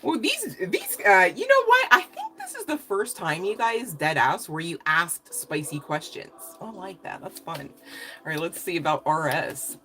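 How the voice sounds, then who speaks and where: Woman, tarot reader, casual live reading, lots of laughter, cheeky slang, lively pitch. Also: normal speed. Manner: swears casually, uses slang.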